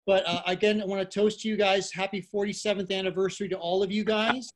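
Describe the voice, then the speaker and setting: A male host cuts in politely to toast the guests and bring in more friends. His voice sits high for a man and stays upbeat. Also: flat delivery, quick pace, crowd noise. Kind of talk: hosting a video call reunion.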